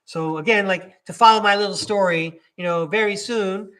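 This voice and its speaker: A man's voice: sits high, moderate pace, bright, forceful tone. A man hosting a live podcast stream, reading tarot cards in a chatty, laughing way and correcting himself as he goes.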